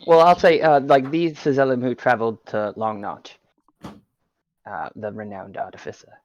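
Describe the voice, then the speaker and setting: A man's voice: mid-range voice, fairly even intonation, normal speed, no echo. A man casually describing his character's actions in a tabletop game. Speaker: player. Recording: slightly muffled lo-fi mic.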